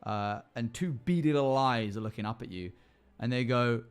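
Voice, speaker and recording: A man's voice: medium pitch, normal speed, smooth, soft background music. A man streaming live, casually narrating a choose-your-path adventure for his chat with lots of fillers and restarts. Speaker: streamer running an interactive adventure.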